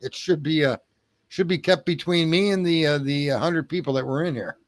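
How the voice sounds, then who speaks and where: A man hosting a late-night livestream, telling a rambling story with lots of swearing, laughter and throat clearing. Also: fairly high pitch, normal speed. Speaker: livestream host. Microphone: home streaming mic.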